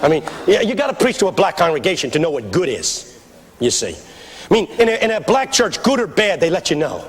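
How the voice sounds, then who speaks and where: A man with a Philadelphia accent preaching a comic, storytelling sermon, shouting refrains to the crowd. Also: high voice, fairly quick. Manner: animated, shouting refrains, audience laughter. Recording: echoey hall with faint noise.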